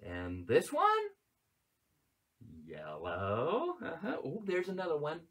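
A man's voice: a little high, wildly swooping pitch, takes it slowly, fairly bright tone, breathy edge. A man hosting a live children's show, playfully doing magic tricks, gasping and singing for kids.

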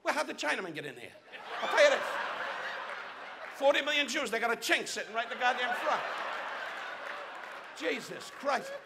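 A man's voice: extremely high pitch, very animated, normal speed, gravelly, pauses often, a loud crowd. A man doing live insult comedy on stage, brash and abrasive as he barks jabs at the audience. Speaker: stand-up comedian. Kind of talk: live insult crowd work. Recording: archival live show recording with noisy room.

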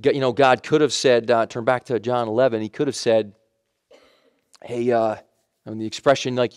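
A pastor preaches a conversational sermon, using emphatic repetition and correcting himself often. His medium-pitched, clean-toned voice keeps fairly even intonation at normal speed, in a dry, clean studio recording.

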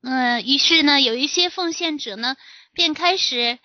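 A woman interpreting a lecture phrase by phrase, with fillers and pauses between her phrases. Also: sits high, no echo. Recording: dry, lo-fi recording.

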